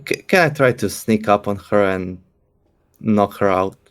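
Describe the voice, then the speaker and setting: A man's voice: lowish voice, animated, measured pace, clean tone. A man playing a tabletop game, hesitant and often stammering. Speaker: player.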